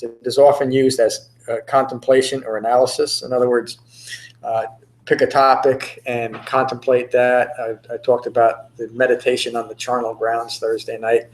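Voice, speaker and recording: A man teaching meditation, giving a dharma talk in a relaxed, rambling way with many pauses and fillers, in a meditation center room. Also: medium pitch, rough recording. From United States.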